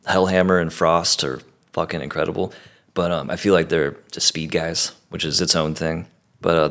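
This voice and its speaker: A man's voice: sits low, fairly bright tone. An American man, a drummer guest, talking in casual, laughing chat and swearing freely. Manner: laid-back, laughing, swearing.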